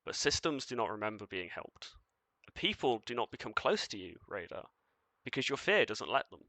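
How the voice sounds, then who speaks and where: A man voicing a cold, commanding being of shifting light in a tabletop game, speaking in measured, formal pronouncements. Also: medium pitch, very animated, bright, forceful tone, no echo. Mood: probing.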